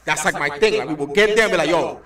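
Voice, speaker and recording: A man co-hosting a podcast, telling a story in loud casual style, laughing often and slipping into singsong mock-Italian. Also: on the high side, lively intonation, fast, reverberant, distant mic. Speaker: podcast co-host.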